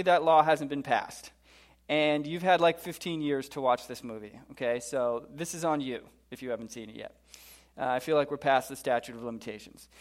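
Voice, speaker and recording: A man preaching a sermon, retelling a horror movie plot in an animated storytelling way and acting out the characters' lines. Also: on the high side. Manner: storytelling, animated, acts out quotes.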